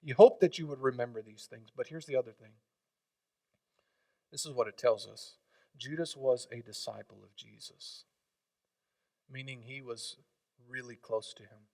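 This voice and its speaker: A man preaching a sermon, swinging from loud emphatic lines to quiet hushed ones. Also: mid-range voice, normal speed, long pauses, no room sound, recorded from a distance. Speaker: pastor.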